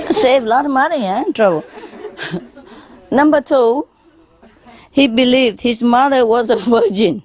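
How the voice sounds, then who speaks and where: Woman, slow unhurried delivery, joke-telling lecture, frequent chuckles, questions to the audience. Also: high-pitched, animated, a crowd in the background. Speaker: spiritual teacher lecturing an audience. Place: lecture hall in Paris.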